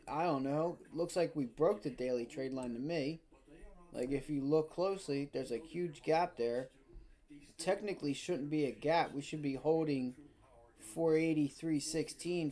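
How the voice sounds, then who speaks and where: A man's voice: on the high side, darkish tone. Foul-mouthed man ranting over stock charts. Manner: profane, exasperated rants at the chart; repeats phrases, talks to viewers as bro. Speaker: day-trading livestream host. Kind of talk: live trading commentary.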